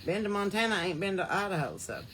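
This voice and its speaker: On a casual livestream, a podcast host with a Southern US drawl calls out viewers' names and states in friendly, folksy chatter. Her medium-pitched voice is bright and forward, fast, with big pitch swings. A faint hiss of noise runs beneath it.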